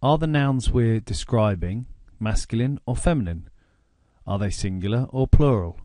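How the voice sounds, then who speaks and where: A man with an English accent narrating a grammar lesson, explaining slowly and deliberately. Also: mid-range voice, expressive, warm tone, no room sound, studio quality. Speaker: language teacher.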